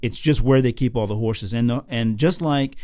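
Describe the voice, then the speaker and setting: An American man chats casually as a podcast co-host. He has a medium voice that rambles along through fillers, restarts and quick chuckles. His voice sounds dry and close, with no room echo. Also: medium pitch, a little mellow. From United States. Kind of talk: casual chat.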